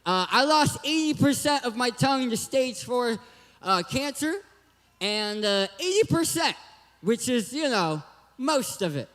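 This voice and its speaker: Young man, high voice, lisping cartoon-like speech, hyper and joking youth talk, echoey hall. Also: big pitch swings, unhurried, a bit bright. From Southern California. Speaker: guest speaker.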